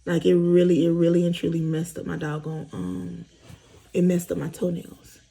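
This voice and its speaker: A woman's voice: fairly low pitch, moderate pace, creaky, mellow, poor audio. A woman vlogger chatting candidly with viewers while doing her makeup, repeating herself as she tells her story. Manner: candid, repetitive storytelling addressing viewers as y'all.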